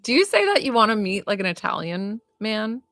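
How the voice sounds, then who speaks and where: A woman's voice: mid-range voice, big pitch swings, brisk, fairly bright tone, no room sound, studio quality, faint music behind. Chatty woman giving a psychic reading. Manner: chatty, many likes and ums, giggly. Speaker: psychic reader. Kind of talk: live-stream psychic reading.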